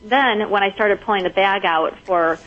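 A woman's voice: mid-range voice, normal speed, a bit bright, dull audio. A woman guest on a radio interview, explaining her pet supplement in an upbeat, informative way.

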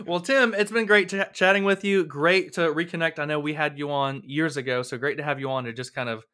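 A man's voice: fairly high pitch, a little fast, bright, forceful tone. A man hosting a podcast, upbeat and laughing easily while chatting with his guest. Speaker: podcast host. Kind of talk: casual interview chat.

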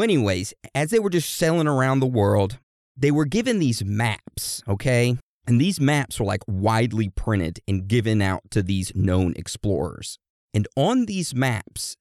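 A man's voice: mid-range voice, darkish tone, no echo, studio quality. A man telling history as a crude, irreverent comedy lesson, full of slang and swearing. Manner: addresses listeners like a class. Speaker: storyteller explaining history.

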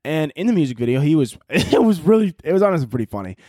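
A man's voice: a little high, very animated, quick pace, mellow, no room sound, studio quality. A man hosting his own podcast, rambling through profane comic riffs and cutting himself off mid-thought. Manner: rambling, profane, self-interrupting. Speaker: podcast host. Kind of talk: casual comedic monologue.

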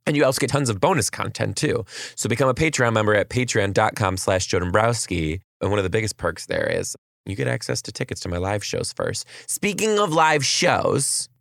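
A man's voice: fairly low pitch, lively intonation, brisk, vocal fry, a bit bright, dry recording, studio quality. A man in his thirties hosting a casual comedy chat, playful and teasing. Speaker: comedian and podcast host.

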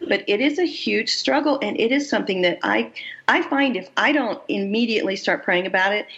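A woman's voice: mid-range voice, a little fast, a bit bright. A woman in a casual Christian women's talk show, speaking candidly and with self-deprecating humor. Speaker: podcast co-host. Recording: dull lo-fi audio.

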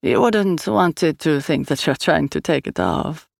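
A woman voicing a sly, coy male villain trader who draws out his words slowly and mockingly. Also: low voice, lively intonation, gravelly, no echo, studio quality, heavily acted. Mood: purring.

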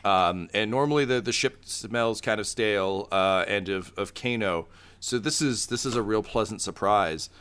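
A man's voice: on the low side, moderate pace, a bit bright, clear, resonant tone. A man running a tabletop game as game master, laid-back and full of fillers.

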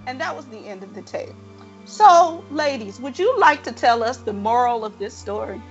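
A woman co-hosting a podcast, telling a story in an animated, profane, dramatic way. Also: on the high side, normal speed, highs cut off, soft background music. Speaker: podcast co-host. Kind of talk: casual storytelling chat.

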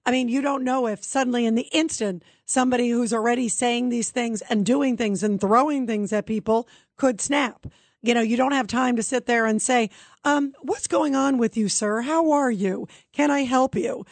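A woman's voice: a little high, moderate pace, no echo. A woman hosting a talk radio show, speaking emphatically and conversationally with many fillers.

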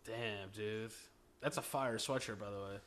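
A man's voice: lowish voice, fairly even intonation, unhurried, fairly bright tone. A young man co-hosting a podcast, teasing bluntly in crude casual banter. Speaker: podcast co-host.

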